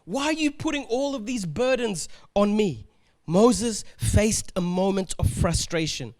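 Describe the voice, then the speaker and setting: High-voiced man preaching a lively sermon. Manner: animated preaching, acting out quoted complaints; laughs often while preaching. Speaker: pastor.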